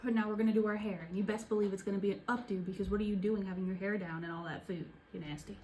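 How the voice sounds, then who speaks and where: A woman's voice: medium pitch, fairly even intonation, racing, darkish tone, a little hiss or hum. A young woman narrating a makeup tutorial in a casual, sassy way, with joking asides. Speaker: beauty vlogger.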